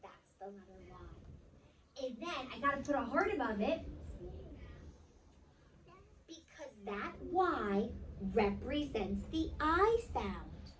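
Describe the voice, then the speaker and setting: A woman teaching kindergarteners in a classroom, her high voice swinging widely as she leads call-and-response phonics drills. She plays up surprise to keep the children hooked. She sounds set back from the mic, with faint noise behind her. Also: big pitch swings, slow pace, long pauses, recorded from a distance. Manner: playful, drawing out surprise to hold attention.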